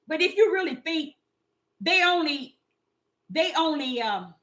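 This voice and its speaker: Bright-voiced woman preaching to viewers. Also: high voice, a little slow. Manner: animated, preachy, lots of repeated words and fillers. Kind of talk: casual commentary addressing viewers.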